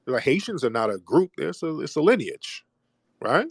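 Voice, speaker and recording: A man hosting a call-in audio show, arguing forcefully with callers, repeating himself and cutting them off. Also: on the high side, very animated, moderate pace, gravelly, breathy edge, no echo, studio quality. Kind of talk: argumentative call-in talk.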